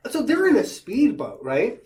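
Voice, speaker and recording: A man's voice: very high voice, moderate pace. A man hosting a casual comedy podcast, recapping a book's plot and acting out the characters as he goes. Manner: animated storyteller, recaps plot and acts out characters. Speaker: podcast host. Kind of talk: casual comedic book discussion.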